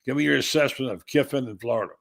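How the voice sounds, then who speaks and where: A male host leading a casual sports talk discussion, speaking in a blunt, opinionated, conversational way. His voice sits at an ordinary middle pitch. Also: fast, creaky, a bit bright.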